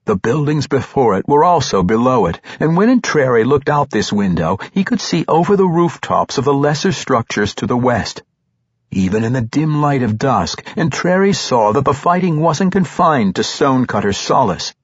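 Husky male audiobook narrator. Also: medium pitch, no room sound, muffled recording. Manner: steady, measured storytelling. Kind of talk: scripted fantasy narration.

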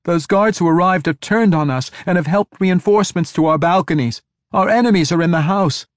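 A woman's voice: on the low side, brisk, no room sound, studio quality, pitched above the performer's own voice, natural voice. A man voicing a frantic young female drow priestess who speaks in panicked urgency.

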